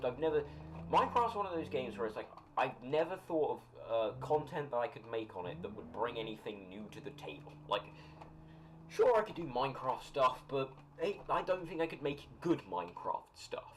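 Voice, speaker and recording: A young British man rambles through a live gaming stream, answering chat with an animated pitch that swings up and down. His talk is loose and friendly, and he laughs easily. Steady background noise runs under his voice. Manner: rambling, chatty, reads and answers chat comments, quick to laugh. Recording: noisy home recording.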